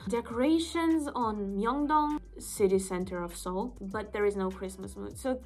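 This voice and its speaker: A woman's voice: medium pitch, measured pace, darkish tone, faint music behind. A young woman from Estonia chatting casually to the camera as a vlogger, emphatic and repeating her points.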